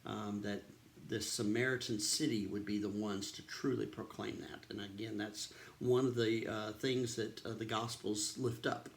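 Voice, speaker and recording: A man's voice: fairly low pitch, fairly even intonation, normal speed, vocal fry. A man, a pastor casually retelling a Bible story in a devotional, with many ums and uhs.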